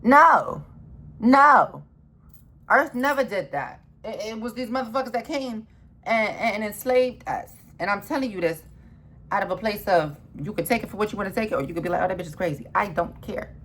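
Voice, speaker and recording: Swearing through a heated rant, this woman speaks in an animated way and a little fast, going over the same points again and shifting from loud bursts to quiet muttering.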